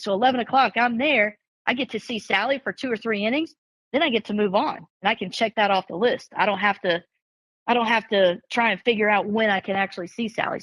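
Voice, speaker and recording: A woman who is a former college and travel ball softball coach, talking casually on a podcast in an animated storytelling way, often restarting and repeating words. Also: mid-range voice, dry recording, low-quality recording.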